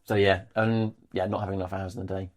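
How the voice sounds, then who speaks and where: Self-deprecating man, low hesitant voice. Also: flat delivery, fast talker. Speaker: podcast host. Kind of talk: casual chat.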